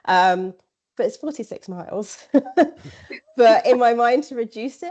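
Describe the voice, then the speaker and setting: A woman's voice: fairly high pitch, animated, takes it slowly, a little mellow. A woman, a podcast guest chatting casually, rambling with lots of fillers and quoted asides. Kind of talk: casual interview chat. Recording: slightly dull lo-fi audio.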